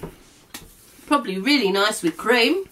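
A woman's voice: fairly high pitch, animated, moderate pace, fairly bright tone, slight background noise. A middle-aged woman hosting a home baking video, chatting casually and laughing often. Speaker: cooking vlog host.

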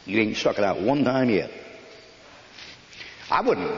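An older American preacher telling blunt, folksy army stories in a sermon, scolding and emphatic. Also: male voice, on the low side, sing-song, unhurried. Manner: folksy storytelling with rough army anecdotes. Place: church hall. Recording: echoey hall, dull old recording.

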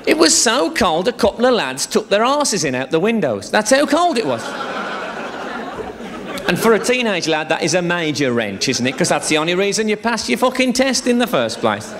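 A male stand-up comedian performs live on a theatre stage with a bawdy, swearing, chatty storytelling manner. His voice sits fairly high for a man and swings around a lot in pitch. A gravelly fry runs through it. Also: very animated, moderate pace, a crowd in the background.

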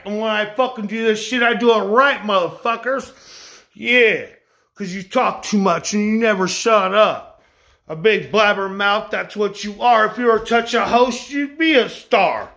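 A man's voice: high-pitched, fairly bright tone. A man ranting angrily at his viewers, boastful and aggressive, swearing constantly. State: angry. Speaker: vlogger ranting to camera. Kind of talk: profane angry rant.

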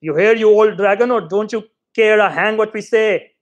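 A man's voice: high-pitched, normal speed, lightly acted. A man doing a cracked-voiced hunchback bully. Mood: impatient, jeering. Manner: bossy, shouting, abusive. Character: irritable male hunchback reveler, cracked voice.

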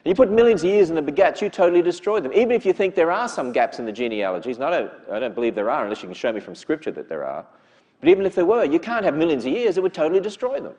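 A man's voice: a little high, very animated, very fast, mellow, dull audio. A man gives an emphatic lecture to a church audience, often putting rhetorical questions to them. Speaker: speaker addressing a church audience.

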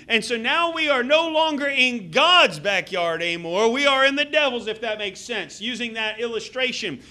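A man in his thirties preaching a sermon as a church pastor, earnest and halting, with many fillers and restarts. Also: very high-pitched, pushed and bright. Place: church sanctuary. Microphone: handheld microphone.

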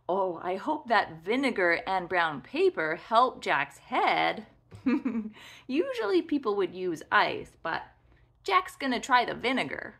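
A woman's voice: mid-range voice, big pitch swings, slow, vocal fry, a bit bright. A woman teaching toddlers to talk, in an exaggerated sing-song way that stresses each sound. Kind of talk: children's speech lesson.

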